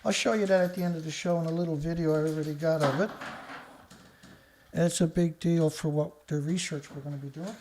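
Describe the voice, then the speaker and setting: A man's voice: on the high side, fairly even intonation, a little fast, a little mellow, slight background noise. A man from Canada hosting a live-stream news show, talking casually in a sarcastic, rambling way and scoffing at headlines.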